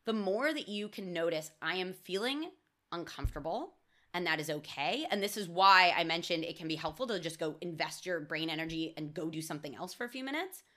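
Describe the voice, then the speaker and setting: A woman's voice: on the low side, lively intonation, fairly quick, few pauses, pushed and bright. A young adult woman hosting a solo podcast on mindful eating, speaking in a casual, candid way, cursing freely and saying "like" often.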